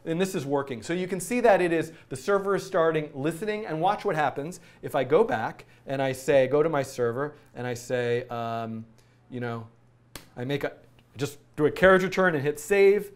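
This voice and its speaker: A man's voice: on the high side, expressive, moderate pace. A middle-aged man teaching coding in a casual, rambling way, often laughing and correcting himself as he works. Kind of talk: casual live-coding tutorial.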